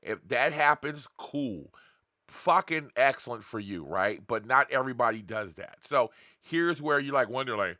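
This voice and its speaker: A man's voice: mid-range voice, lively intonation, normal speed, sharp tone, dry recording, clean studio sound. A man hosting his own podcast in a casual, blunt, profane monologue, talking straight to his viewers with rhetorical questions. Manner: acts out voices of others in quotes. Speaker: podcast host.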